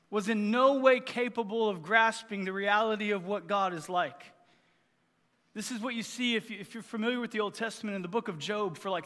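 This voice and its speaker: A man with a notably high-pitched voice preaches a sermon to his congregation, driving points home by repeating phrases. His voice rings out with a long reverb trailing behind it, as in a large church hall. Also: pushed and bright. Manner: emphatic, repeats phrases for effect. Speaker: pastor.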